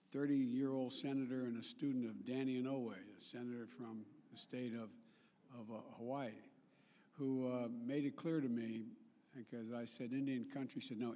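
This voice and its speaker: A man giving a formal public speech as a national leader, emphatic, with repetitions, restarts and joking asides. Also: mid-range voice. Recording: long reverb.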